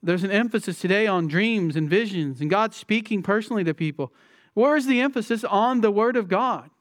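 Guy preaching a sermon, pretty high voice, keeps repeating himself for emphasis, dry close sound. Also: lively intonation, a little fast, no echo. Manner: emphatic, repeats key phrases, asks rhetorical questions. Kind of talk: expository sermon.

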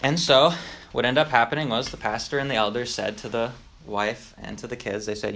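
A man's voice: medium pitch, steady tone, brisk, creaky, hardly any pauses, a bit bright, a little hiss or hum. A young man teaching Sunday school, telling a story in a chatty, conversational way with asides. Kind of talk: casual storytelling lesson.

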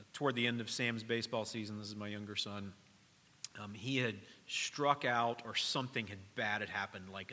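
A middle-aged man, a pastor preaching a sermon in a church, speaking earnestly, dropping to a hush and then rising to emphasis. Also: fairly low pitch, big-room sound. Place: church sanctuary during worship.

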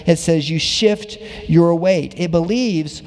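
A man pastor gives a relaxed, conversational sermon in a church sanctuary, tossing in dry jokes at his own expense and casual asides. He speaks slowly with a fairly high pitch and a darkish tone, the large hall audible around him.

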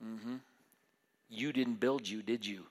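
A man delivering a sermon with animated energy. He drops into the voices of the people in his stories, retelling scripture as lively back-and-forth dialogue. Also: fairly low pitch, takes it slowly. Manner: animated preaching, acting out biblical voices in dialogue. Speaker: preacher.

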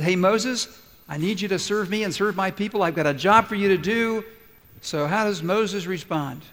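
A man's voice: sits high, a bit bright, long reverb tail. A man preaching a sermon as pastor, telling a Bible story animatedly and acting out its dialogue. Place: large church hall.

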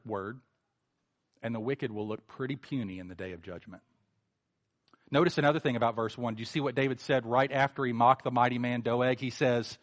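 A male pastor preaching a sermon, animated, with sarcastic mocking asides. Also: medium pitch.

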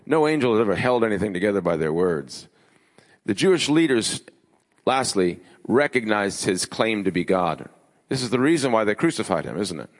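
A man preaching a sermon as pastor, emphatic, building his lists with rising pitch. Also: very animated, moderate pace. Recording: long hall reverb.

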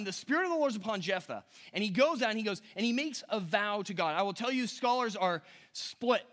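High-voiced man preaching casually. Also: fairly bright tone. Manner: casual, chatty asides with a few chuckles. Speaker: pastor. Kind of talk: conversational sermon with scripture reading.

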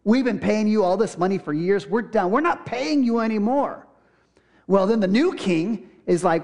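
A man's voice: high voice, normal speed, darkish tone. A young adult man preaching a sermon, retelling a scripture passage casually and acting out the characters' lines. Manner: casual storytelling with acted-out quotes. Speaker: pastor.

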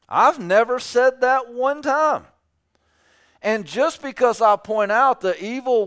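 A man preaching a sermon with a high, clear, smooth voice. He speaks slowly and emphatically, and repeats his phrases for weight. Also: fairly bright tone. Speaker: pastor.

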